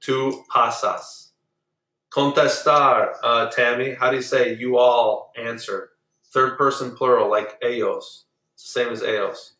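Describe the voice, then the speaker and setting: A man's voice: mid-range voice, steady tone, measured pace, a bit bright, roomy sound, low-quality recording. A man teaching a Spanish class online, drilling verb forms and correcting pronunciation patiently. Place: online video meeting.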